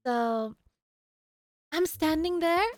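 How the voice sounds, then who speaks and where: A woman streamer telling a story casually to her chat, animated and laughing often. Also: sits high, very slow, no echo, faint music behind.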